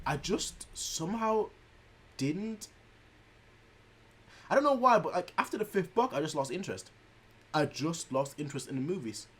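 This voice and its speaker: A young man talks casually as he reacts to a video, chatty and animated and quick to laugh. His voice sits a little high and swings up and down a lot as he talks. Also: slight background noise. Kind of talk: casual chat.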